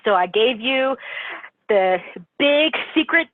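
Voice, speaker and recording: A woman with a fairly high voice delivers a rousing, emphatic motivational talk. She drives her points home with repetition. The sound is dry and tinny, like a phone line. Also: expressive, slow pace, dry recording. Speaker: motivational speaker. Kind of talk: motivational team call. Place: conference call.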